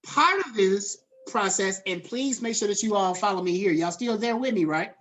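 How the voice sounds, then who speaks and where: A man's voice: sits high, moderate pace, a bit bright, soft background music. Casual, chatty male lecturer. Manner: casual, loose and conversational, checks in with students by name, many fillers. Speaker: college lecturer. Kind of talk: online lecture to a class.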